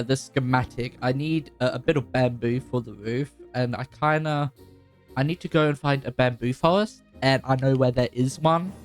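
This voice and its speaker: A young man giving casual, chatty commentary over his gameplay, his voice jumping high when excited. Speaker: gaming YouTuber. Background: faint background music.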